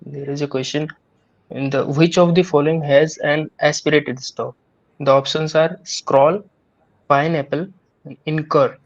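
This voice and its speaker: A man's voice: on the high side, steady tone, a little slow, dull audio. A man, a student, asking his teacher questions politely and a bit hesitantly over an online call. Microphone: video call.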